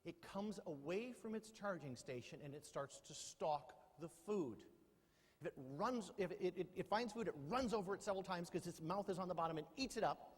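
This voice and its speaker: Middle-aged male keynote speaker, high-pitched, playful and teasing, with long hall reverb. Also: brisk, husky. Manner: joking, quizzes the audience. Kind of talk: humorous keynote talk. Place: large lecture hall.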